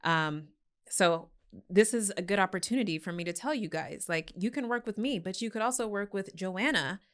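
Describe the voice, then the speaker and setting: A woman's voice: mid-range voice, moderate pace. A woman hosting a podcast, talking in an earnest, reflective way and often agreeing with her guest. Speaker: podcast host. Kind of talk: casual conversation.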